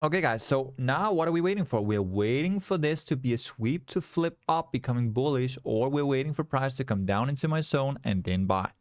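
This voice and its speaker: Animated man hosting a live trading stream. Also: mid-range voice, fairly quick, few pauses, no echo, studio quality. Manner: animated, coaxing, repeats rhetorical questions to viewers. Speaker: livestream trading host. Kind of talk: live trading commentary, chatting with viewers.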